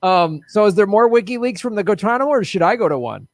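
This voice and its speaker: A man's voice: sits high, lively intonation, quick pace, no room sound. Playful, dry-sounding man co-host. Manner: playful, laughing, slips into joke accents. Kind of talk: casual political comedy chat.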